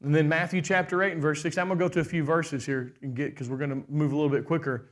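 A middle-aged man preaching a sermon with animated delivery, putting on quoted voices and asking the congregation questions. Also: a little high, fast talker. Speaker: pastor.

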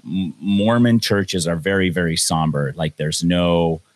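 A man's voice: low-pitched, fairly even intonation, unhurried, no echo. A man co-hosting a podcast, telling stories in a laid-back, profane chat. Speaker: podcast co-host. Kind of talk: casual chat. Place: home in Hawaii.

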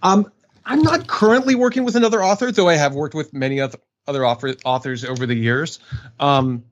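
A man's voice: fairly high pitch, brisk. A man, a voice actor, chatting as a guest in a casual interview. He rambles and corrects himself, with plenty of fillers. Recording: dull lo-fi audio.

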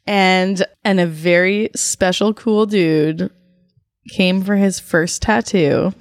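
A woman's voice: lowish voice, steady tone, slow pace, no echo, clean studio sound. A woman tattoo artist chatting on a podcast, laughing often and swearing freely. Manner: giggly, swears a lot. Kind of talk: casual podcast chat.

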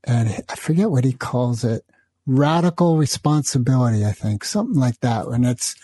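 A man's voice: mid-range voice, expressive, moderate pace, dark tone, slightly rough, no room sound. Rambling male podcast host. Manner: rambling, self-aware storytelling with asides. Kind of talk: solo podcast monologue.

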